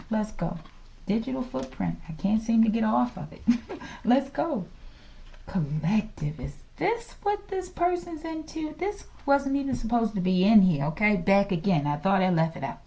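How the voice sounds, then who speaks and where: Mellow-voiced woman giving an emphatic tarot reading. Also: medium pitch. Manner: emphatic, keeps checking in with listeners. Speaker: tarot reader. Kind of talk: casual tarot reading vlog.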